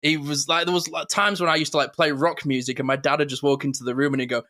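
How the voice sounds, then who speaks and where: Man, podcast co-host, casual chat, bright tone, animated storyteller. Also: fairly high pitch, fast talker. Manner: animated storyteller who slips into impressions.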